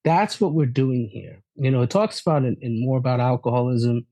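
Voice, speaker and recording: A man giving an energetic testimony at a recovery meeting, asking rhetorical questions and laughing often. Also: mid-range voice, brisk, no room sound.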